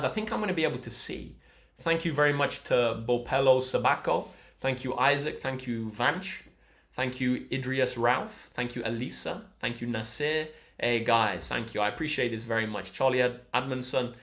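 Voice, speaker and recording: A man's voice: medium pitch, a bit bright. A young man tutoring maths on a live stream, chatting in an upbeat, encouraging way. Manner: upbeat and encouraging, reads out chat messages. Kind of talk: casual live-stream chat with viewers. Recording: roomy echo.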